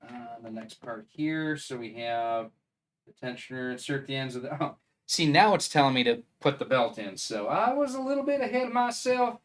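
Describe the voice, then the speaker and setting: A man's voice: medium pitch, animated, moderate pace. A man with a Wisconsin accent chatting casually on a live stream, rambling and thinking aloud as he assembles a 3D printer.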